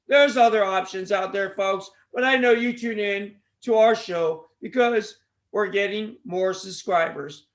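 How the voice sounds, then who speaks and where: A man's voice: sits high, unhurried. A man hosting a wrestling podcast, rambling casually with jokes, tangents and plugs for the show. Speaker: podcast host.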